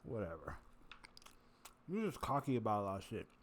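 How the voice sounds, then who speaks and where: A man's voice: lowish voice, big pitch swings, normal speed, slight background noise. Rambling, self-mocking man eating on camera. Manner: self-mocking, profane, chatty. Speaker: vlogger. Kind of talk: casual rambling monologue while eating.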